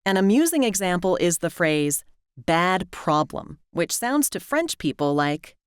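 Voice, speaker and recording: A woman narrating a scripted lesson, clearly and deliberately, stretching out the example words. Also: on the low side, big pitch swings, dry recording, studio quality. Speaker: language teacher.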